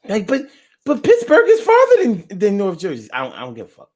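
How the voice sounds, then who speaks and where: A man runs a casual live stream, reading viewers' comments aloud and responding in a lively, joking, foul-mouthed manner. His delivery shifts from loud bursts to quiet muttering.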